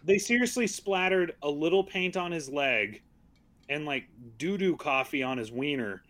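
A man co-hosts a casual movie-review podcast in a voice that sits somewhat high for a man and sounds a bit bright. His delivery is animated, sarcastic and loose, packed with fillers and quick laughs.

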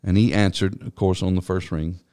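A man's voice: low voice, steady tone, brisk, dark tone, clear, resonant tone. A man who works as a church administrator, earnestly and reflectively telling his personal testimony in an interview.

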